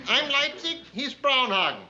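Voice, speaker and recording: A deadpan mock doctor. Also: male voice, high-pitched. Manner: breezy, deadpan, mock-formal. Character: goofy male carpenter friend faking a Viennese doctor. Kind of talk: 1960s sitcom acting. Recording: dull 1960s TV audio, loud laugh track and hiss.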